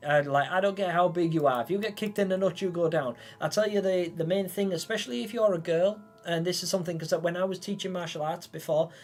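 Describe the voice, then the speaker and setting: Male livestream host from England, slightly raised pitch, rambling and chatty, reads out viewer comments. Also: fast, hardly any pauses. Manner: bursts into loud excited greetings. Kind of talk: casual live-chat stream.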